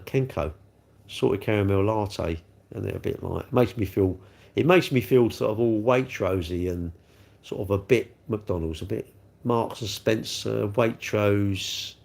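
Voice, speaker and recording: Rambling English man, gravelly voice. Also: fairly low pitch, measured pace, a little mellow. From England. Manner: rambling, chatty, self-mocking. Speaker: livestream host. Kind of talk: casual livestream chat reading comments.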